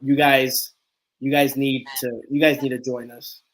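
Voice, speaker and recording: At a measured pace and in a mid-range voice, a man hosts a live stream and tells a story with lots of energy. An animated storyteller, he acts out the quotes in this casual storytelling chat.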